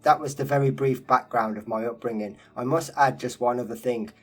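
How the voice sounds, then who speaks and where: A man giving a measured, unhurried narration of a first-person life story. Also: medium pitch, a bit bright, faint music behind, low-quality recording. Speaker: narrator reading a first-person memoir interview. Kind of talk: scripted narration.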